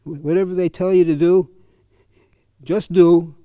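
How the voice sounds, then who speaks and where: A man's voice: high voice, steady tone, unhurried, mellow, dry recording. An older man and fencing coach, telling chatty, chuckling anecdotes at a clinic. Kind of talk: casual anecdotal storytelling.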